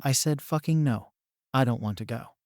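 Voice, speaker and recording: A man's voice: mid-range voice, moderate pace, darkish tone, no room sound, studio quality, close to an everyday voice. A man voicing an angry, grieving teenage boy in a storybook reading, curt and defiant.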